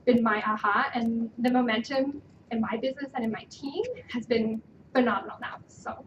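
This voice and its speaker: A woman giving an animated personal testimonial at a team training meeting, acting out dialogue with bursts of excitement. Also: a little high, normal speed, highs cut off, background noise. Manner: animated, acts out dialogue loudly. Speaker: team member sharing her story. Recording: echoey room, from a distance.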